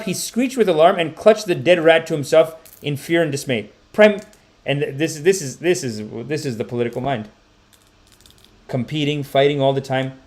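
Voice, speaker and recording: A man hosting a podcast, ranting in animated commentary, swearing and mocking the voices of others. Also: fairly high pitch. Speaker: podcast host.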